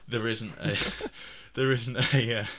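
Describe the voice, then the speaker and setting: Bright-voiced, rambling English man. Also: medium pitch, slow, a little hiss or hum. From England. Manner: rambling, animated, laughs often, many restarts. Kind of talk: casual film discussion.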